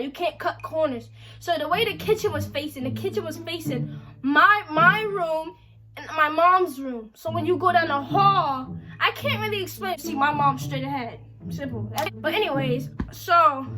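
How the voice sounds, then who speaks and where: A young woman vlogger telling a storytime in a casual, slangy way, acting out the lines of the people in her story. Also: very high voice. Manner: animated, slangy storytelling with quoted dialogue. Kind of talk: storytime vlog. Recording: music playing under the voice.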